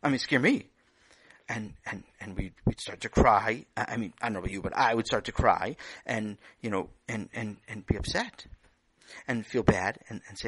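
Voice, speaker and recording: A man's voice: fairly low pitch, moderate pace, fairly bright tone, breathy edge, no room sound, rough recording. A man telling a children's story with playful self-joking asides and frequent stammers. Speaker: storyteller, lecturer.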